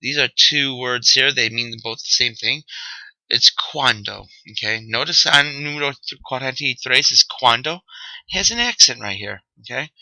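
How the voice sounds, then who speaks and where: A man's voice: medium pitch, lively intonation, moderate pace, pushed and bright, no echo, poor audio. A man teaching a recorded vocabulary lesson, upbeat and joking, checking in with "okay?" often. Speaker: Spanish teacher.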